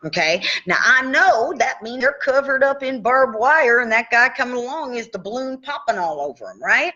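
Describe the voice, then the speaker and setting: Pitched fairly high and expressive, her voice comes across pushed and bright at a normal pace, captured with lo-fi sound. She's a chatty tapping coach on a casual live stream who tacks an "okay?" onto the end of every point.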